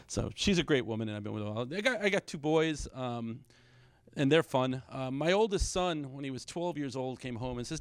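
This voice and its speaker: A middle-aged man doing a stand-up comedy set, self-deprecating, with quick punchlines and short bits where he acts out his kids. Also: medium pitch, lively intonation, clean tone, no room sound. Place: small comedy stage with a live audience.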